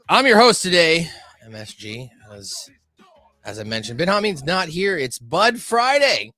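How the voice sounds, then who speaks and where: Jokey, rambling podcast host guy. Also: mid-range voice. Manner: jokey, rambling, swings loud and soft. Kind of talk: casual podcast chat.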